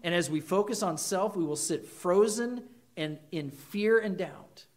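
A man delivering a sermon, his voice sitting fairly high for a man. He preaches earnestly, throwing questions at his listeners and slipping into short acted quotes. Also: measured pace, darkish tone. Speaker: pastor.

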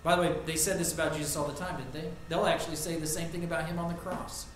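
A middle-aged male pastor preaching a sermon, earnest, rising loud on lists and dropping soft for personal stories. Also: fairly high pitch, level tone, fast, slight background noise. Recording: echoey church room.

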